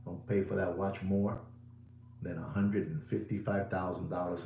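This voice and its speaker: A middle-aged man hosting a live watch sales show. He is repetitive and showy, swings between booming and hushed delivery, and slips Spanish words into his English. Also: fairly even intonation, normal speed, a little hiss or hum. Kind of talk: live sales pitch to viewers. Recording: roomy echo.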